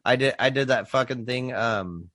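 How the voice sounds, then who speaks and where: Podcast co-host, male, bright voice, profane storyteller, dry close sound. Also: mid-range voice, moderate pace, dry recording. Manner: profane, animated storytelling with laughs. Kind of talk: casual chat.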